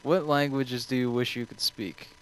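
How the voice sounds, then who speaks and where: A man's voice: medium pitch, fairly even intonation, normal speed, clear, resonant tone, low-quality recording. A young man streaming, answering viewer questions in a rambling, offhand way full of swearing. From United States.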